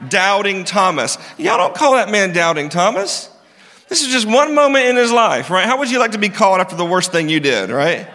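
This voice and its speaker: A male pastor delivers a lively sermon in a fairly high, bright, pushing voice. He keeps it casual and acts out the people in his story as he goes. A long reverb trails his words through a large hall. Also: fairly quick. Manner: conversational and animated, acting out the people in the story.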